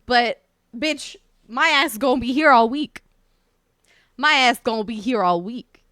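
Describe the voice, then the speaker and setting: A woman's voice: fairly high pitch, unhurried, bright, forceful tone, no echo, studio quality. A woman live streamer chatting casually with her viewers, playful and profane.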